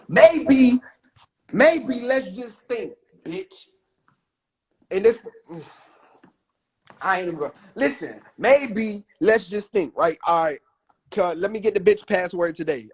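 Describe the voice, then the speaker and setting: A man's voice: on the high side, normal speed, long pauses, poor audio. A young man venting on a phone livestream, rambling, swearing and trailing off mid-thought. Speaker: rapper on livestream. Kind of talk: livestream rant.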